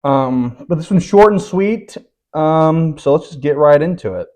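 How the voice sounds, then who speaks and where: A man's voice: fairly high pitch, lively intonation, a little slow, mellow. A man hosting his own vlog from home, talking in a rambling casual monologue full of ums and frustration. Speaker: vlog host. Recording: slightly dull lo-fi recording.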